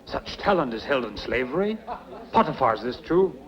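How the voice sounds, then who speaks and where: An actor playing a haughty, worldly Egyptian pharaoh who speaks in a grand, mocking, commanding way. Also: male voice, medium pitch, big pitch swings, moderate pace, a bit bright, dull audio.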